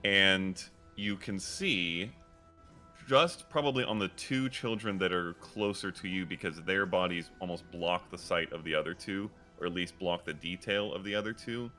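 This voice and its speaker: A man acting as dungeon master, narrating a tabletop game scene slowly and descriptively, with frequent fillers. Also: deep voice, pushed and bright, soft background music.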